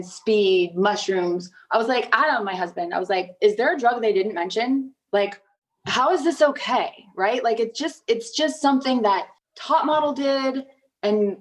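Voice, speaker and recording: A woman's voice: medium pitch, low-quality recording. A woman in her thirties, an interview guest, talking casually and emphatically with many "like" fillers and frequent swearing, sounding indignant.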